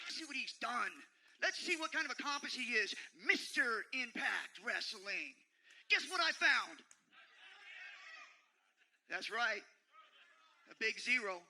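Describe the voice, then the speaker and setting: Wrestler in the ring, high bright voice, slow deliberate trash talk building to shouts, arena mic. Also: male voice, very animated, poor audio. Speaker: wrestler cutting a promo.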